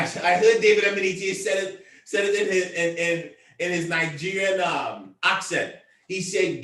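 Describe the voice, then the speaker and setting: High-voiced man giving a loud, repetitive pep talk. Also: measured pace, reverberant, far from the mic. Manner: emphatic and repetitive, often raising his voice. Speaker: team leader addressing a convention call.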